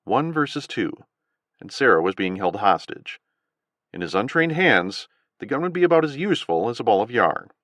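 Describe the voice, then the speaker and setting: A man narrating an audiobook thriller with an expressive, dramatic reading. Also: medium pitch, normal speed, no echo. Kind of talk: scripted narration.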